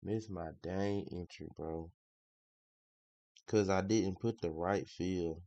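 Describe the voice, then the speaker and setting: Deep-voiced man, slangy livestream chatter. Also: very slow, long pauses, dark tone, dry recording. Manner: slangy, grumbling, repeats himself. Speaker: day trader streaming live. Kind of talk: casual livestream commentary. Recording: dry, slightly muffled lo-fi audio.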